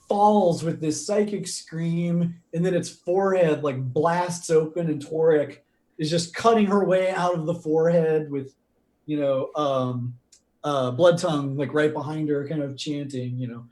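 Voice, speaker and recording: A man narrating a tabletop role-playing game as game master, telling the action in a loose, animated way with many fillers. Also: fairly high pitch, a little slow. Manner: animated, filler-heavy storytelling.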